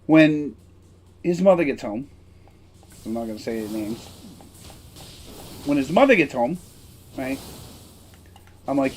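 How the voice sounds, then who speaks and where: A male game streamer tells a personal story in a candid, rambling way, with a mid-range, sing-song voice that is a little slow and a little mellow, broken by long pauses. He's emphatic and blunt, swears now and then, and keeps asking "right?" to check in. There's slight background noise.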